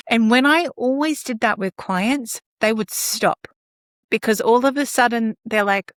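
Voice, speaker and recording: A woman's voice: a little high, moderate pace, dry recording, clean studio sound. A woman talking about caregiving in a conversational podcast, often acting out dialogue with children. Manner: animated, acts out dialogue with children. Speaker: guest speaker on caregiving.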